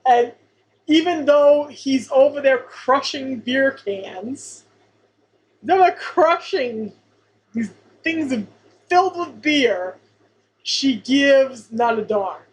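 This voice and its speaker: A woman's voice: high voice, lively intonation, takes it slowly, pauses often, poor audio. A woman co-hosting a podcast, chatting casually and emphatically, often repeating her points. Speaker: podcast co-host. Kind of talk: casual chat about a sitcom episode.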